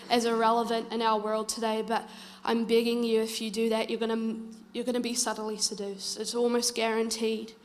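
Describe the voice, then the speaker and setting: A woman preaching in a church, earnest and pleading as she tells her stories. Her voice sits fairly high, and a long hall reverb trails every line. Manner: earnest, urging, conversational storytelling. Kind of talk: sermon.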